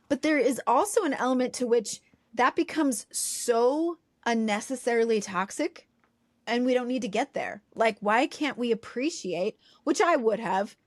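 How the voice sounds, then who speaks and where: A woman's voice: on the high side, no room sound, clean studio sound. Thoughtful woman musing on a podcast. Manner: thoughtful, musing, asks rhetorical questions. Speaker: podcast co-host. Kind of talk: reflective casual chat.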